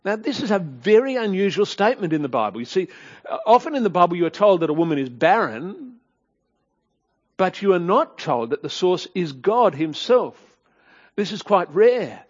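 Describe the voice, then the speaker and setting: A man preaching a sermon, walking through a Bible passage in a measured, earnest way and asking rhetorical questions. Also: sits high, big pitch swings, slightly rough. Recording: dull lo-fi sound.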